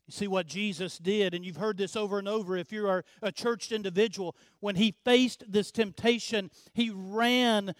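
A man preaching a sermon earnestly, repeating his phrases, asking rhetorical questions and dropping to a hush at the ends of lines. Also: high-pitched, normal speed, no room sound, clean studio sound. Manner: drops to a hush at the end of phrases. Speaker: pastor.

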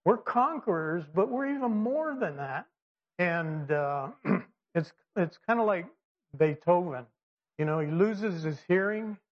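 Male preacher, casual sermon, fillers and restarts, higher voice, dull recording. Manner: conversational with many fillers and restarts; lively, acts out quoted voices. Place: church or classroom with slides. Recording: dull lo-fi sound.

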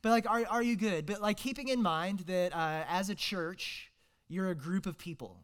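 A man's voice: high-pitched, normal speed, fairly bright tone. A young man, preaching a casual, joking sermon as a guest preacher, full of fillers and restarts.

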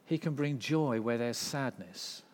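A man preaching a sermon, swinging from loud, intense passages to hushed ones. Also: medium pitch, expressive, measured pace. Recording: long reverb of a hall.

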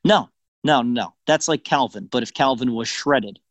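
A man's voice: medium pitch, normal speed, no echo. A man co-hosting a podcast, telling jokey, exaggerated stories in casual banter. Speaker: podcast co-host. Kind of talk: casual comedic chat.

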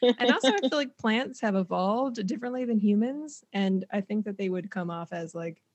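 Deadpan woman podcast host. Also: mid-range voice, normal speed, no room sound, highs cut off. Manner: deadpan, playfully absurd humor. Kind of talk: casual chat and show outro.

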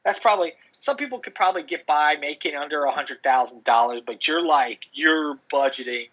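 A man's voice: a little high, brisk, sharp tone, slightly rough. A middle-aged man chatting casually on a podcast, telling rambling stories full of restarts and "dude". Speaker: podcast co-host. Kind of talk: casual chat. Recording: dull lo-fi audio.

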